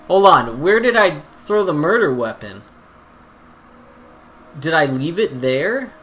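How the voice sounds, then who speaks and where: A young man commenting on a video game as he plays, excitable, nervous and self-deprecating. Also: a little high, takes it slowly, long pauses, a little hiss or hum. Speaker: gameplay commentator. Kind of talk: let's-play commentary.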